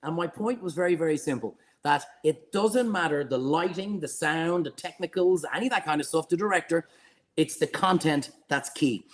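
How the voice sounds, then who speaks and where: A middle-aged Irish man, a guest chef, telling rambling, animated anecdotes in a casual interview. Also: fairly high pitch, normal speed. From Ireland.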